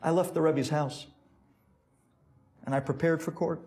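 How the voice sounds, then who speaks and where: A man's voice: on the high side, steady tone, a little slow, a little mellow. A man telling a story dramatically as a Torah teacher in a lecture.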